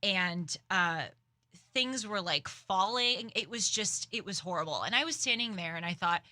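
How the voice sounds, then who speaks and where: Bright, animated young woman host. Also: medium pitch, moderate pace, no room sound, clean studio sound. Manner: animated storytelling, dramatic, self-aware. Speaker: commentary show host. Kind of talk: casual political commentary.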